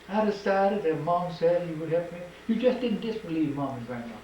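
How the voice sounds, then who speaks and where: A man's voice: high voice, expressive, a little fast, hardly any pauses, dark tone, a little hiss or hum. An older man, a museum guide fervently telling stories from his childhood, heard from a distance in an echoey old house. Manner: fervent, preacher-like. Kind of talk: oral storytelling.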